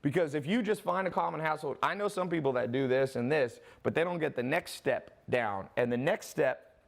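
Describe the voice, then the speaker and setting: A man's voice: on the high side, fairly quick, creaky. A man giving a casual, rambling sales presentation straight to the viewer, often breaking off and asking "okay?". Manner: rambling, restarts, addresses viewer directly with "okay?". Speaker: online business presenter.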